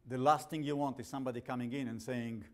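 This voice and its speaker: A man's voice: medium pitch, steady tone, fast talker. A man with an accent giving a classroom lecture as the instructor, blunt and jokey, often restarting his sentences. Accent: non-native English.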